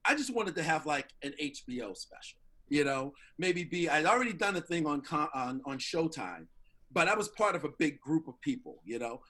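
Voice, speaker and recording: Animated middle-aged male storyteller. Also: on the high side, moderate pace. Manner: animated, acts out quoted voices. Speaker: interview guest. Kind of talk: casual storytelling.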